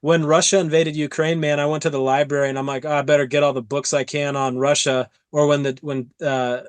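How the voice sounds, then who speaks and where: Man, podcast host, higher-pitched voice, animated storytelling, dry close sound. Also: a little fast, smooth, no echo. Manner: animated storyteller, acts out his own quotes. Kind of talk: casual interview chat.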